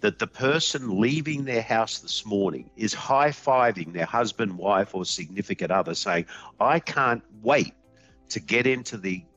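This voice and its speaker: A middle-aged Australian man, a company CEO being interviewed, telling stories in a folksy, animated way and acting out quotes. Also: lowish voice, measured pace, muffled recording, soft background music. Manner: animated, folksy storyteller who acts out quotes. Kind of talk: interview conversation.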